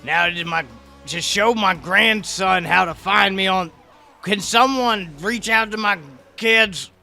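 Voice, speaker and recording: A man voicing a boastful, proud father who shouts with excitement, gravelly and bright. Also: sits high, takes it slowly, soft background music, heavily acted. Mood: excited. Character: loud proud dad, back home.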